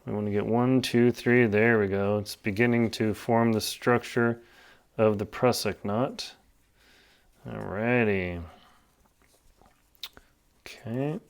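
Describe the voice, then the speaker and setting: A man's voice: on the low side, steady tone, takes it slowly, long pauses, smooth. A man casually demonstrating and explaining a climbing knot step by step, in a plain, practical way while working with his hands. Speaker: outdoor skills instructor. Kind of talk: casual knot-tying tutorial.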